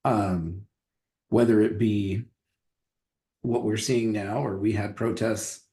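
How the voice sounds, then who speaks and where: A man's voice: on the low side, fairly even intonation, takes it slowly, mellow. A man who teaches history, co-hosting a casual podcast and rambling with restarts and fillers.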